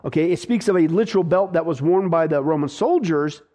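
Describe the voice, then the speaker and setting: A man's voice: on the high side, a little fast, dark tone. A male pastor preaching an emphatic, folksy sermon, full of restarts and playful asides.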